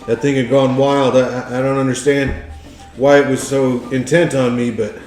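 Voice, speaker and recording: A man's voice: medium pitch, steady tone, normal speed, darkish tone, echoey room, faint music behind, close to an everyday voice. A man voicing a shaken male hero who stammers nervously in a tabletop game. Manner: stammering, flustered.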